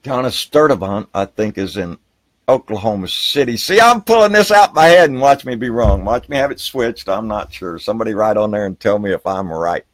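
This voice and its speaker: A man hosting a live political talk show outdoors by a river, ranting heatedly and with plenty of profanity, then brightening to greet viewers by name. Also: fairly low pitch, animated, fairly quick, no room sound. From Texas. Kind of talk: live political rant and viewer shout-outs.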